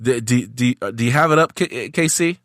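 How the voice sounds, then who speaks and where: A man hosting a casual sports podcast, jokey and energetic, acting out quotes as he goes. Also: mid-range voice, brisk, dry recording, studio quality. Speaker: podcast host.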